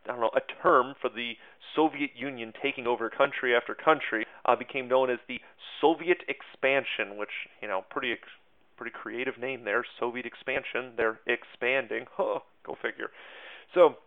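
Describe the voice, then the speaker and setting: A man's voice: medium pitch, normal speed. A man giving a casual history lesson, chatty and self-mocking, with lots of fillers and asides. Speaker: teacher. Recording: tinny phone-like sound.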